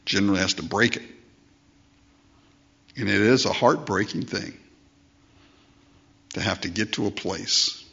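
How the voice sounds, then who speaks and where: This pastor's voice sits on the low side and sounds creaky with a sharp tone; he talks a little slowly and pauses often. He gives a conversational sermon, asking rhetorical questions and acting out the voices he quotes, in a dull lo-fi recording.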